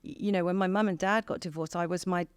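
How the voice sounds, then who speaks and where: An English woman from the north of England, a podcast guest speaking candidly and thoughtfully, pausing often with ums. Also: fairly low pitch, fairly even intonation, clear, resonant tone, no room sound. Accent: northern English over a southern English base. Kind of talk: reflective interview conversation.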